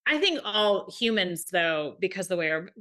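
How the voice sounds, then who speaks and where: A woman co-hosting a podcast in casual chat, animated and acting out little quoted voices as she tells stories. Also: on the low side, normal speed. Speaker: podcast co-host.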